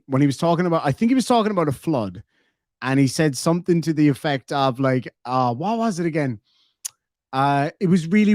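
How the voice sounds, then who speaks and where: A man's voice: fairly high pitch, a little mellow, no echo, clean studio sound. A man with an Irish accent hosting a livestream, reading super chats aloud in a joking, playful way. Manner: joking, playful, laughs often. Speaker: livestream host.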